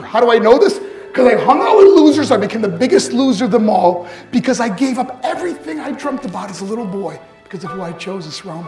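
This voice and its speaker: A man's voice: high-pitched, a little mellow, roomy sound. A man giving a motivational speech, telling stories and acting out the voices of the people in them. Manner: storytelling, acts out quoted voices. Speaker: motivational speaker.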